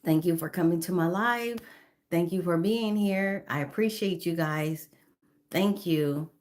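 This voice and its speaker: A woman's voice: lowish voice, a little slow, a little mellow. A woman in her fifties chatting on a phone live stream, greeting viewers by name and apologizing now and then. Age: 50s. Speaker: livestreamer.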